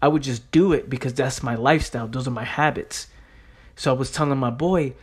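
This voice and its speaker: A man of ordinary, middle pitch talks straight into the mic for his motivational podcast. He is blunt and profane, hammers his points by repeating them, and keeps checking in with the listener by asking "right?". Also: a little fast, breathy edge. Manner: repeats himself for emphasis. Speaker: podcast host.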